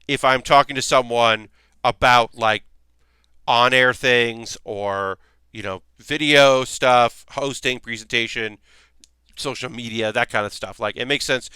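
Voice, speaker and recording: A man chats casually on his livestream, rambling from one thought to the next and acting out other people's lines. His voice is bright and forceful, very clean and smooth. The sound is dry and close. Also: medium pitch, no echo. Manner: rambling, acts out quoted people in raised voices. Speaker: streamer host.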